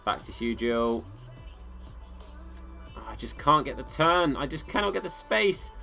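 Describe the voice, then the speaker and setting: A man's voice: on the high side, animated, a little slow, creaky, bright, forceful tone, faint music behind. An English man live-streaming a football video game, commenting on play and answering viewers in a casual, friendly way, calling them bro and mate. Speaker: gaming streamer.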